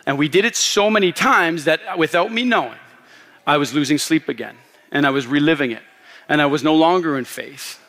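A pastor in his thirties tells a story from the pulpit, animated and quick to laugh. His voice sits a little high for a man. The sound carries a long reverb from the church hall. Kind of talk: sermon. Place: church sanctuary.

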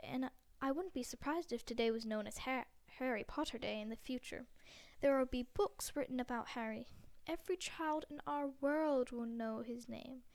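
A woman's voice: on the high side, darkish tone, lightly acted. A woman voicing a stern older female witch professor, her voice trembling and pleading, at times half-whispered, in a storybook reading.

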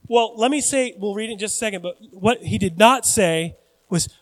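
A pastor in his forties preaching a sermon with animated, joking, self-deprecating asides. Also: high-pitched, normal speed, big-room sound.

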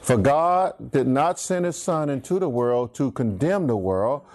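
A man's voice: animated, a little slow, darkish tone. A middle-aged man, teaching from the Bible as a pastor and having the congregation finish his lines. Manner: preachy, swings pitch, asks congregation to finish lines. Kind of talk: call-and-response Bible teaching.

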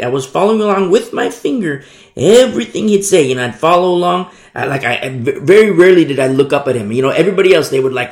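A man's voice: medium pitch, reverberant. A man preaching a sermon, repeating key phrases and asking emphatic rhetorical questions. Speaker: pastor.

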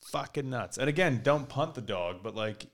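A man's voice: medium pitch, lively intonation, moderate pace. A man in his thirties, a guest on a comedy podcast, talking bluntly and swearing freely. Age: 30s. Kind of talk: casual comedic chat.

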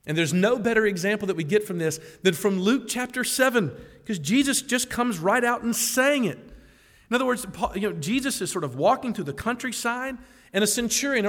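A man preaching a sermon as a pastor, animated, acting out the voices he quotes and laughing at himself. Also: high voice. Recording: long hall reverb.

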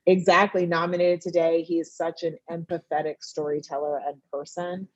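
A woman's voice: fairly low pitch, level tone, moderate pace, no echo, muffled recording. A woman television writer and producer chatting as a guest in an interview, telling stories animatedly and acting out what her friends say. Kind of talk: casual interview chat.

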